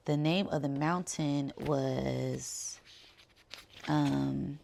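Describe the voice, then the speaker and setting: A young woman telling a relaxed, chatty spiritual story, full of "um" and "like". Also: rumbling low, extremely slow, gravelly, a little hiss or hum. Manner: relaxed and chatty, many fillers like "um" and "like". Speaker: spiritual channel host.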